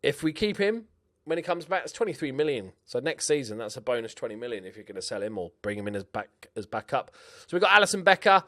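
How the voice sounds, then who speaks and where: A young man with a broad Scouse accent, chatting loosely as he clicks through a football management game. His tone is cheeky and informal, with casual swearing and mid-pitched, everyday delivery. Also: sing-song, fast talker, sharp tone. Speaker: gaming YouTuber. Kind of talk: casual video game commentary.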